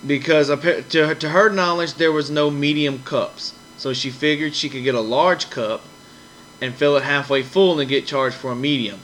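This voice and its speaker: A man hosting a podcast, telling a story in a casual, animated way and acting out the people in it with raised voices. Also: fairly high pitch, normal speed, a little hiss or hum, rough recording. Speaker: podcast host.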